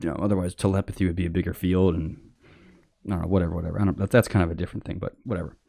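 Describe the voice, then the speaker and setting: A man talking in a casual opinion monologue, rambling and blunt, with many fillers and swearing, and mocking others in high sarcastic voices. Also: level tone, very fast, vocal fry, dark tone, no room sound, studio quality. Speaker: podcast host.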